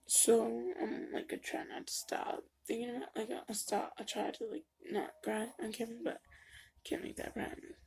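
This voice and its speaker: A woman's voice: fairly high pitch, steady tone, moderate pace, gravelly, darkish tone. A woman vlogging casually at home into her camera mic, rambling with lots of fillers and getting emotional. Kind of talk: casual confessional vlog. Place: home room.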